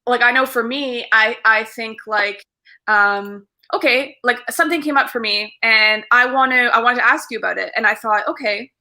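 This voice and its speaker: A woman's voice: on the high side, normal speed, bright, forceful tone. A woman co-hosting a casual spiritual chat as a tarot student, chatty and searching for her words.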